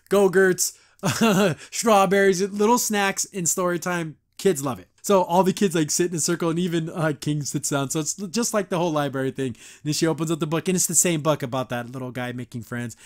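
A young man hosting a casual podcast, retelling a cartoon episode in a chatty, excited way with frequent laughs. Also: fairly high pitch, moderate pace. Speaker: podcast host.

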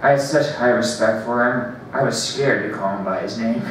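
At an open mic in a library event room, a man reads his own first-person story aloud, halting, stumbling and correcting himself along the way. His voice is mid-range, and the distant mic in the very echoey room picks up a little hiss or hum.

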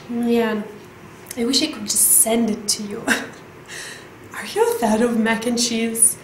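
A high-voiced woman gushes over her cooking, often slipping toward a squeaky register as her excitement builds. She talks slowly and carefully to a camera set some way off, and her voice rings around a roomy kitchen. There is a faint background hiss under everything she says. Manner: gushing, excitable, breaks into squeaky voice. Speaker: cooking vlogger. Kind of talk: casual cooking vlog. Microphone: camera mic, some distance away.

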